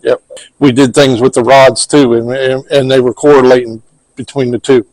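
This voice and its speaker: A man's voice: medium pitch, level tone, normal speed, darkish tone, no room sound, poor audio. A man with a mid-range voice retells, question by question, what came through during a session. The sound is dry and close. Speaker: paranormal investigator. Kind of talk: casual storytelling recap.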